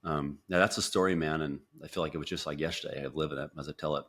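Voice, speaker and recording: A man with a very deep voice tells his story as a podcast guest. He talks in bursts full of restarts and acts out his own past quotes. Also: steady tone, fast, a bit bright, slightly rough. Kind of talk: storytelling interview.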